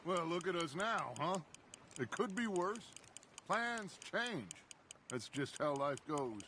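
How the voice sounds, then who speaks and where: A wistful, bright-voiced outlaw. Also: male voice, sits high, big pitch swings, slow, slight background noise, full character voice. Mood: reflective. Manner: thoughtful, reflective. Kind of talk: video game dialogue.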